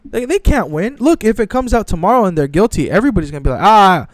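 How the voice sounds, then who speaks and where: A man's voice: sits high, big pitch swings, rapid-fire, a little mellow, no room sound. A young man ranting in casual sports commentary, profane and exasperated, often mocking others in put-on voices.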